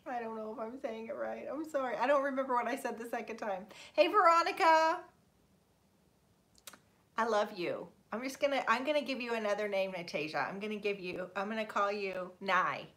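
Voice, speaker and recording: Speaking a little fast with a fairly high pitch and fairly bright tone, a woman from Florida hosts a live stream. Her chat is casual: she greets viewers by name, laughs often, and apologizes, poking fun at herself, when she botches names.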